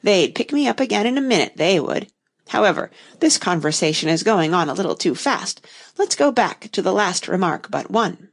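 A woman's voice: medium pitch, animated, moderate pace, vocal fry. A woman voicing a pompous, argumentative egg-shaped man in a storybook reading. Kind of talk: audiobook reading.

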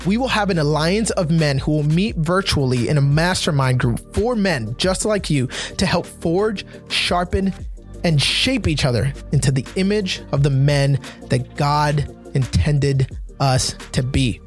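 A man hosting a motivational talk for men, speaking earnestly and emphatically, slowing down to repeat his key points. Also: a little high, lively intonation, faint music behind. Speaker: men's motivational podcast host.

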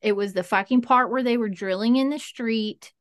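A woman as an interview guest, telling a story in a frank, animated way and swearing freely. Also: on the high side, normal speed, no room sound, studio quality. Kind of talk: casual storytelling.

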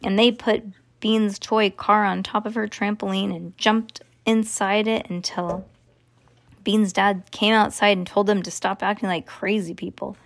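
Woman reading a children's book aloud at home, relaxed and chatty. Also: mid-range voice, measured pace, gravelly.

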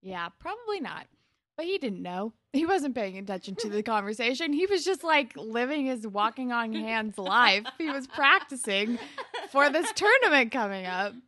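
A young woman co-hosting a casual recap chat, chatty and quick to laugh. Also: on the high side, big pitch swings, bright, forceful tone. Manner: chatty, laughs often, lots of fillers. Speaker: podcast co-host.

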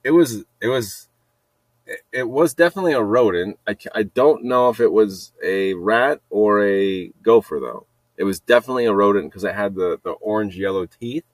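Low-voiced man rambling through a story. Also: normal speed, no room sound, rough recording. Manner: rambling, repeats himself, frequent swearing. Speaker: podcast host.

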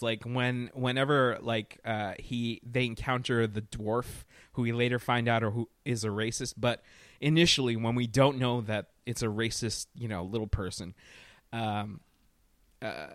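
A man's voice: mid-range voice, moderate pace, fairly bright tone, dry recording, studio quality. A man talking casually about a film, rambling and swearing, and often breaking into laughter.

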